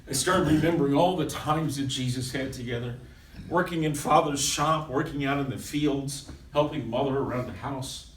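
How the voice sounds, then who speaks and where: A man performing a first-person dramatic monologue, swinging between loud urgency and hushed intensity. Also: mid-range voice, normal speed, a little hiss or hum. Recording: echoey room, voice from a distance.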